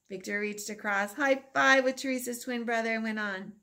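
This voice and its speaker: Woman, teacher, reading a chapter book aloud, steady, slightly high voice. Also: moderate pace, few pauses. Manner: steady storytelling, plain delivery. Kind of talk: read-aloud narration.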